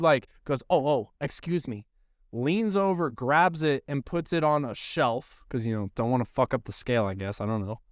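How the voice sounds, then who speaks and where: A man's voice: a little high, smooth, no room sound, clean studio sound. A man co-hosting a baseball podcast, telling a long profane story in casual chat. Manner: profane, rambling storyteller who acts out quotes. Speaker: podcast co-host, baseball coach.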